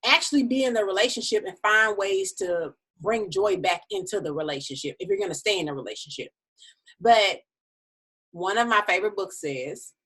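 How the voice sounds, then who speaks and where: A woman's voice: mid-range voice, a bit bright, slightly rough. A woman hosting a casual motivational podcast, talking in a chatty, direct way while her mouth is sore from the dentist. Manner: chatty and direct, addresses listeners as y'all. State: sore mouth after a dental visit. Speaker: podcast host.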